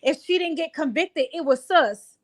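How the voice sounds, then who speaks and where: A woman's voice: high voice, animated, normal speed. An exasperated woman, ranting in a heated casual chat and repeating herself.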